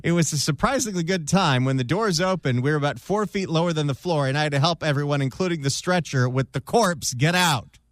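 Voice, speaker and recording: A man's voice: on the high side, brisk, dry recording, clean studio sound. A man co-hosting a radio talk show, reading listener emails aloud with wry, casual banter.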